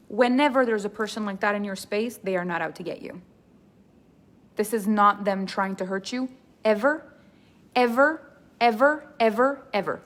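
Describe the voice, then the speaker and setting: A woman's voice: medium pitch, a little slow, long pauses. A woman business coach giving an earnest masterclass talk, repeating key points for emphasis.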